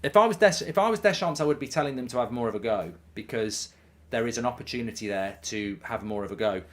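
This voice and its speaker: A man's voice: mid-range voice, animated, fast. A man casually chatting on a live stream, reading out viewer messages with plenty of ums. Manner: chatty, reads chat messages aloud, frequent ums. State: hiccups. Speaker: watchalong streamer.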